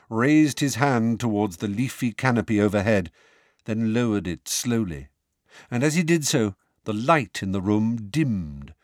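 Expressive male audiobook narrator. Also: fairly low pitch, dry recording, studio quality. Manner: expressive storytelling. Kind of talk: scripted narration.

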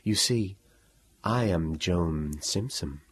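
A man voicing an intelligent, authoritative woman with a low, husky, soft voice, read for a storybook. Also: expressive, slow pace, no echo, full character voice. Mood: knowing.

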